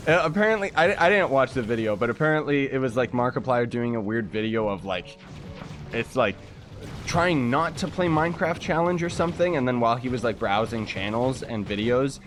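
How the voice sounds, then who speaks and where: A man's voice: medium pitch, sing-song, moderate pace, a bit bright, faint music behind. Young Canadian man rambling on a game stream. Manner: rambling, reads chat aloud, many fillers. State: just woke up. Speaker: gaming streamer. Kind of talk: casual livestream chat.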